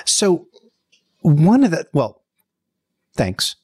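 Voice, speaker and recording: A man who works as a lawyer for podcasts, a guest telling stories in an animated, self-deprecating way. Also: on the high side, extremely slow, slight background noise. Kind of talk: casual conversation.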